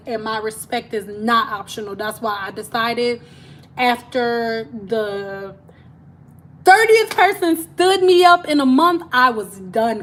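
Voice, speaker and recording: A woman's voice: a little high, a little hiss or hum. A woman hairstylist telling stories in a chatty, slangy way on a casual live stream from home. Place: at home, TV in another room.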